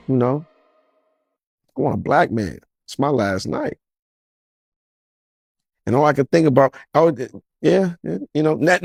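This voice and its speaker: A man's voice: medium pitch, dry recording. A man tells a casual story in a laid-back way and laughs at times. His voice sounds dry and close, and faint music plays behind him. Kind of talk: casual anecdote.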